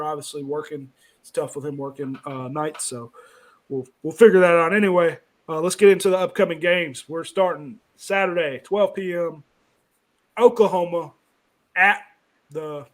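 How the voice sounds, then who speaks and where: A man's voice: fairly high pitch, moderate pace. A man hosting a casual sports chat, loose and rambling, stumbling over names. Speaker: podcast host.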